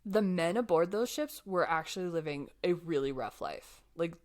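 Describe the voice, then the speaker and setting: A young woman telling a life story in a casual, animated chat, full of fillers. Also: on the low side, moderate pace.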